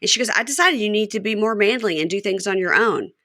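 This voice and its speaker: Woman podcast host gossiping through a reality show recap, does the cast's voices, bright tone, dry mic. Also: mid-range voice, animated, no room sound. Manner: chatty recapper, acting out the cast's lines in quick voices. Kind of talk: casual chat.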